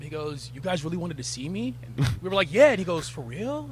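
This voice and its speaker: A man hosting a casual interview, an excitable storyteller who acts out quotes and swings between quiet and loud. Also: high voice, rapid-fire, noisy background. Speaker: interviewer and show host. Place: music venue on tour.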